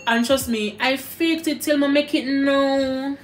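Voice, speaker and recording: A woman's voice: high-pitched, normal speed, a little hiss or hum. A young woman with a Jamaican accent, talking candidly and animatedly as a guest in a casual chat over a meal, slipping into patois.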